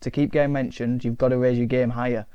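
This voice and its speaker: A man's voice: medium pitch, little pitch movement, fast talker, mellow, clean tone, dry recording, lo-fi sound. A man from the north of England hosting a casual football reaction vlog, rambling and repeating words as he talks. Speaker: football fan channel host.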